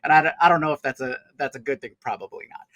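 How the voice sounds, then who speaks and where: A man's voice: a little high, racing, pushed and bright, dry recording, poor audio. A man co-hosting a casual chat show, thinking aloud with many fillers and restarts. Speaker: co-host.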